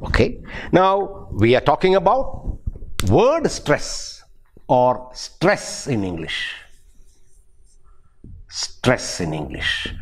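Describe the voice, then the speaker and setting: Slow, lively-voiced lecturing older man. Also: mid-range voice. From India. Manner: slow, deliberate, spells words out letter by letter. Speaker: English professor. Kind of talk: recorded university lecture.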